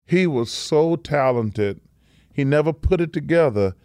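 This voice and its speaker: An excited man talks emphatically in casual chat. His voice is fairly high, and the sound is dry and close. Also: measured pace, clear, resonant tone, no echo. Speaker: co-host, former basketball player.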